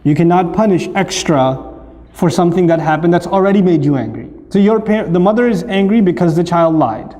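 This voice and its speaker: A man giving a humorous, animated talk about parenting, acting out scenes in different voices. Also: high voice, a little fast, long reverb tail.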